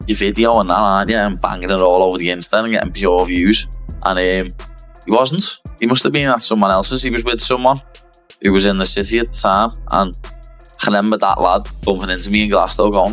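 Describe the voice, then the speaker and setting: A man's voice: fairly low pitch, fast talker, a bit bright, soft background music. A man telling a story in casual, chatty interview talk. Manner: chatty storyteller, says lad a lot. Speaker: fighter interviewed. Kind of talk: casual chat.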